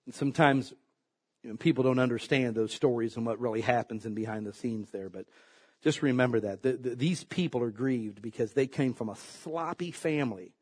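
A man preaching a sermon in an animated, emphatic way, swinging from loud high peaks to low asides. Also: brisk, husky.

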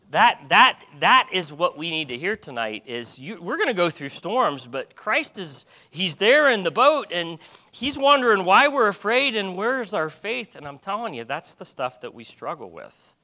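Man, middle-aged, preacher, sermon, animated, frequent restarts, high-ish voice.

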